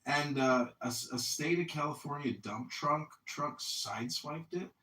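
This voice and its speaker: A man's voice: a little high, a little slow, sharp tone, slight background noise. A man hosting a casual chat, telling profane stories and acting out the voices of the people in them. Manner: profane storytelling, acts out voices. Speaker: host. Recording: roomy, distant from the mic.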